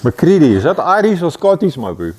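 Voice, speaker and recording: A man's voice: a little high, very animated, brisk, darkish tone, husky. A man with a South African accent hosting a casual workshop vlog, chatty and upbeat, often ending lines with "eh". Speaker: vlog host restoring an old truck.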